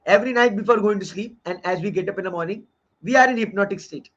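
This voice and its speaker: High-voiced man giving an earnest lecture. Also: fast, fairly bright tone. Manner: earnest and explanatory, often repeating phrases. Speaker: course lecturer reviewing a book. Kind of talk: online lecture. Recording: dull lo-fi audio.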